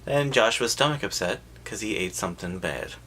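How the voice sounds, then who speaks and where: A man giving a sarcastic, profane comedic recap of a film, jumping into quick voices for the characters. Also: fairly low pitch, lively intonation, bright, forceful tone, a little hiss or hum.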